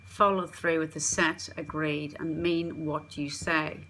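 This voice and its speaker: A woman's voice: deep voice, little pitch movement, measured pace, fairly bright tone, slight background noise. A woman coaching parents in an instructional talk, earnest and repeating key phrases for emphasis.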